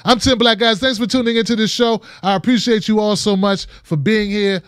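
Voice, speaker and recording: High-voiced emphatic male show host. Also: fairly even intonation, fairly quick, smooth, no echo, studio quality. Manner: emphatic and repetitive, restarts phrases. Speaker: host of a political commentary show. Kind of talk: casual monologue to viewers.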